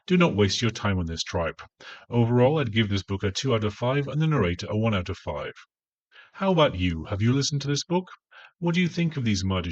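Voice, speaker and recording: A man's voice: on the low side, slightly rough, no room sound, lo-fi sound. A man reviewing an audiobook in a dry, sarcastic, scornful way. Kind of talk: spoken review.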